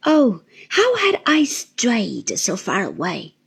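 A woman narrating a classic novel in the first person in a slow, hushed, whispery reading. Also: mid-range voice, huge pitch swings, gravelly, breathy edge.

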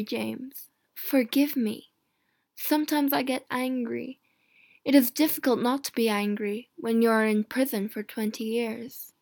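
Slow, earnest woman reading aloud. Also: a little high, darkish tone, dry recording, studio quality. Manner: slow, measured, earnest delivery with emphatic pleading passages. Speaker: audiobook reader. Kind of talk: first-person audiobook narration.

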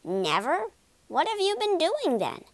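A woman's voice: a little high, sing-song, takes it slowly, no echo. A woman voicing a breezy, knowing water rat. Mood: cheerful. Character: cheerful confident male water rat.

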